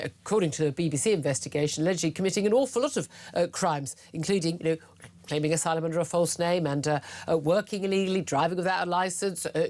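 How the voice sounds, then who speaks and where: A woman's voice: lowish voice, darkish tone. A woman hosting a radio talk show, opinionated and sardonic, laughing often and sounding a little hungover. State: slightly hungover. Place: radio studio.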